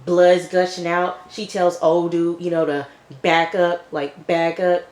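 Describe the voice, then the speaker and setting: Brief: deep-voiced woman reviewer, chatty offhand recap, echoey room. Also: little pitch movement, a little slow, darkish tone. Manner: chatty, loose retelling full of "like" and "you know". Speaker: TV episode reviewer. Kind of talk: casual episode recap.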